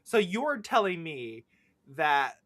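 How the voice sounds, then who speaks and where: Lively bright-voiced young man. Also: fairly high pitch. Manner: animated, swears, quick reactions. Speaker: podcast co-host. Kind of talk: casual fan chat.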